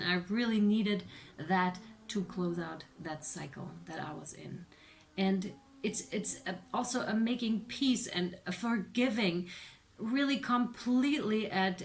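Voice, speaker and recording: Woman, tarot reader, casual reading, excitable, laughs a lot, swears. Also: mid-range voice.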